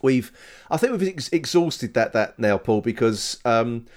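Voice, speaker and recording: Man, podcast co-host, casual chat, rambling and jokey, lively pitch. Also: unhurried. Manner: rambling, self-correcting, joking.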